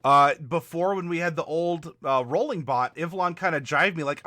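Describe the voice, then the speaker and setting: Bright-voiced man running a stream. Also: on the high side, no room sound. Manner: halting, with frequent fillers, spelling out dice commands for viewers. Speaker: game master and stream host. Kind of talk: live-streamed tabletop worldbuilding, talking to chat.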